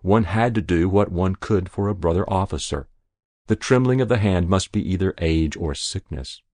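A man narrates a short story at an unhurried, measured pace. His voice sits very low. The recording is dry, with no room sound. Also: darkish tone, no room sound. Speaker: story reader.

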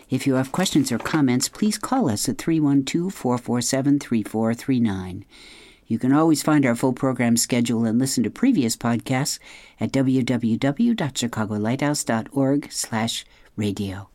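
A woman hosting a radio program, reading a children's novel aloud in an expressive, measured storytelling manner with hushed dramatic asides. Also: very deep voice, dry recording. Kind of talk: scripted storybook narration.

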